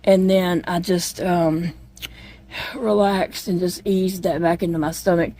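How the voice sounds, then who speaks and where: A woman's voice: on the low side, fairly even intonation, a little slow, warm tone. A middle-aged woman, telling her own story in a casual vlog chat, plainspoken and rambling with many fillers. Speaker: chronic illness vlogger.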